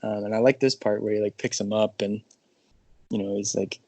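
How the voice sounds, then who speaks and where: Male podcast co-host, low and gravelly, dry close sound, easygoing recaps. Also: brisk, no room sound. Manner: recaps scenes, relaxed, laughs. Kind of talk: casual film review chat.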